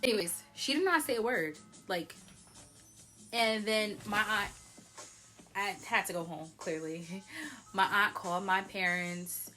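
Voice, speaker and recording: A woman's voice: medium pitch, measured pace, pauses often, bright, forceful tone, faint music behind. A young woman vlogger casually telling a personal story, chatty and full of "like", a bit tipsy from wine. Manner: chatty, frequent "like", laughs often.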